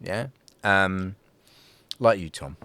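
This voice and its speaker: A man's voice: deep voice, takes it slowly, pushed and bright. A man co-hosting a casual podcast, telling a folk tale in a rambling way with lots of fillers, restarts and swearing. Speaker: podcast co-host. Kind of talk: casual storytelling chat.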